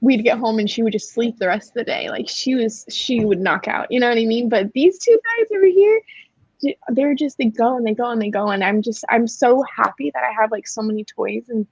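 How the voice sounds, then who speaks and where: A woman's voice: fairly high pitch, a little fast, a little mellow, slightly rough, no echo. A woman in casual podcast chat who rambles with lots of filler words. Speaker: podcast co-host. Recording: dry, dull lo-fi sound.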